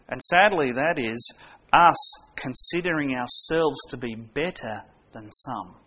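A man's voice: medium pitch, a little slow, pushed and bright, husky. A man preaching a sermon, earnest, making his points with everyday stories and direct questions to the congregation.

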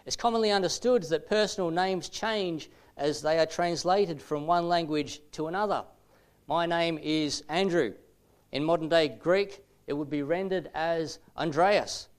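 English man, smooth measured teaching voice. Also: on the high side. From England. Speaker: Bible teacher. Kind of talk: explanatory talk to camera.

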